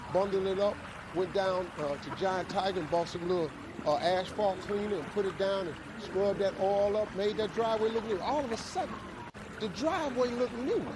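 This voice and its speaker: Man, middle-aged, high voice, motivational speaker, folksy emphatic storytelling, live stage talk. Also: background noise.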